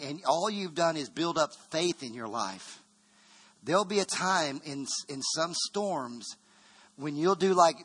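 Pastor guy preaching hard, kinda high bright voice, stumbles and repeats himself a lot. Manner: fervent preaching with frequent restarts and repetitions. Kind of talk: sermon.

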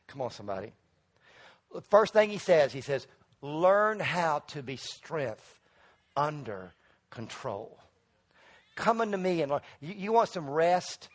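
Inside a church sanctuary, a high-pitched, middle-aged preacher delivers his sermon. He invites the congregation to respond aloud, and his delivery climbs to forceful, loud high points.

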